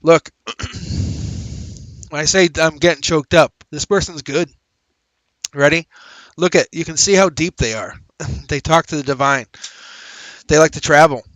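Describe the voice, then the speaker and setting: A man's voice: on the high side, measured pace, long pauses, a bit bright, no echo, poor audio. A man hosting a live tarot reading stream, chatting upbeat with viewers as he reads cards, repeating phrases and laughing often. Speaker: tarot reader and livestream host. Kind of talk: casual livestream tarot reading.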